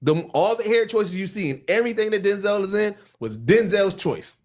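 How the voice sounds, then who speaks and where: Animated, high-voiced man chatting. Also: brisk. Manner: animated, laughing storyteller who acts out quotes. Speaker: podcast co-host. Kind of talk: casual chat.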